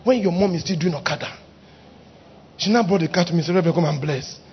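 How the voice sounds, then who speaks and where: A middle-aged man, a pastor preaching a fiery sermon with shouted exhortations. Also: high-pitched, quick pace, slightly rough, highs cut off.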